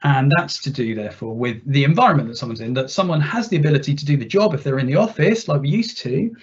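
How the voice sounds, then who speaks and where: A man at a mid pitch leads a workplace training webinar, chatty and full of rhetorical questions. His voice is slightly husky, and the webinar audio comes through dull and muffled. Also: animated, fast talker. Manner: conversational, with frequent restarts and rhetorical questions. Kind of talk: webinar workshop presentation.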